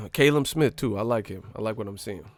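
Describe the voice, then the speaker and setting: A man's voice: lowish voice, expressive, moderate pace, dry recording, faint music behind. Loose-talking man on a stream. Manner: loose, slangy, profane, laughing storyteller. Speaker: live stream host. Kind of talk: casual boxing talk.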